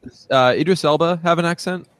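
A man's voice: a little high, a little fast, dry recording. Rambling man chatting on a podcast. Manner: rambling, laughs often, many fillers. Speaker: podcast co-host. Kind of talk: casual chat.

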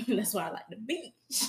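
A young woman co-hosting a podcast, telling stories casually and playfully and laughing often. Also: a little high. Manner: slow, playful, giggly storytelling. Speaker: podcast co-host. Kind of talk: casual chat. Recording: echoey room with faint background noise.

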